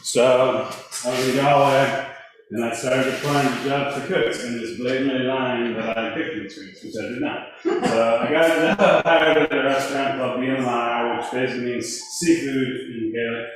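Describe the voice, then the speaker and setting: A man casually telling a long anecdote, animated and often breaking into laughter. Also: medium pitch, normal speed. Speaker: theater company member. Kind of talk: casual storytelling chat. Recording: echoey room, distant mic, background noise.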